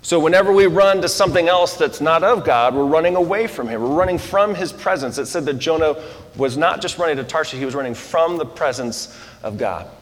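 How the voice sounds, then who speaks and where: A man's voice: fairly high pitch, lively intonation, fairly quick. A man preaching a sermon, joking through a story before turning earnest. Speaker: pastor. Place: air-conditioned church hall. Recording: long hall reverb.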